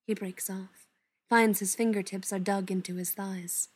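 A woman reading a story aloud, softly and unhurriedly, often dropping to a hush. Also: mid-range voice, fairly even intonation, breathy edge. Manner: soft, unhurried, often hushed. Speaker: reader. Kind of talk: storybook narration read aloud.

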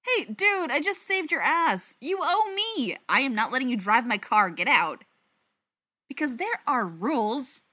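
A woman voicing a chatty, sarcastic young man who talks in quick, rambling outbursts. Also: a little high, expressive, sharp tone. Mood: exasperated.

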